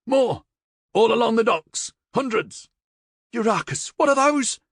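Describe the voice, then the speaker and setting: Мужчина изображает испуганного радиста в панике. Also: male voice, unhurried, no echo, studio quality. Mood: panicked. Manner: frantic, high-pitched shouting. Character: panicked male radio operator under attack. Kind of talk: audiobook character voice.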